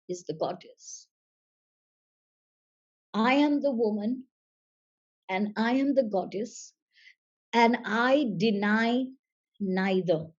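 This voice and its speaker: A woman speaking as a seminar facilitator, in a measured, emphatic way that repeats phrases for weight. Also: a little high, a little mellow, breathy edge, muffled recording. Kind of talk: slow motivational seminar talk.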